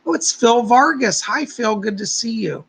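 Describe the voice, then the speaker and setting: Guy doing a chill psychic livestream, kinda raspy and gravelly, chatty, says hi to everyone by name. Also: very high voice, lively intonation, normal speed, a bit bright, low-quality recording. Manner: chatty, greets viewers by name and gives psychic readings. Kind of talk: casual livestream chat and guided meditation.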